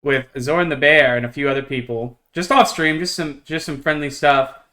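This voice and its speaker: Bright-voiced man streaming a wargame. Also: fairly high pitch, steady tone, moderate pace. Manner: hesitant, many fillers, playful. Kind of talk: casual chat while playing a tabletop wargame.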